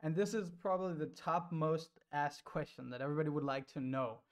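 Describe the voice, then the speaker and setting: A man with a somewhat high voice runs the panel. He puts questions to the guests in an upbeat tone and laughs between them. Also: a little fast. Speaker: panel moderator. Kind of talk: casual panel chat.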